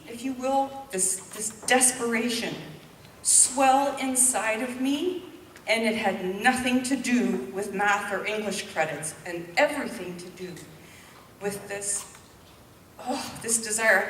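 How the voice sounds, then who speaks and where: A woman's voice: on the high side, a bit bright. Fiftyish canadian woman telling her story to a crowd, echoey hall, faint hum behind. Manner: heartfelt, candid storytelling. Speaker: public speaker. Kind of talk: personal talk to an audience. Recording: echoey hall, mic from a distance.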